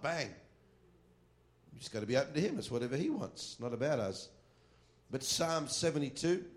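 A man preaching a sermon in an earnest way, his voice sitting a little high for a man. He reads scripture lines slowly and with weight. Then he slips into softer asides to his listeners. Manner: drops to quiet asides.

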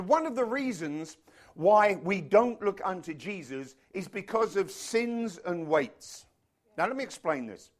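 A man preaching a sermon, emphatic and animated, speeding up when he tells a story. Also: high-pitched. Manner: animated, emphatic, quickens into anecdotes.

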